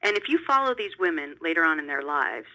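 Bright-voiced woman telling stories animatedly. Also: deep voice, quick pace, poor audio. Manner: animated, emphatic, repeats words when excited. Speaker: interview guest, television host. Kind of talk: conversational interview storytelling.

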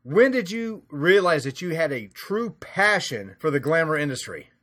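A man's voice: a little high, big pitch swings, moderate pace, a bit bright. A man with a Southern US accent hosting a podcast interview, folksy, laughing easily and stumbling over his words now and then. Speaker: podcast host.

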